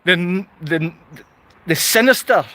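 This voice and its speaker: A man's voice: high-pitched, expressive, slow, a bit bright. A man with a Glasgow accent ranting angrily to camera, hurling insults and repeating himself. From Scotland. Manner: furious, insulting, repetitive ranting. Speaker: vlogger. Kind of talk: angry direct-to-camera rant.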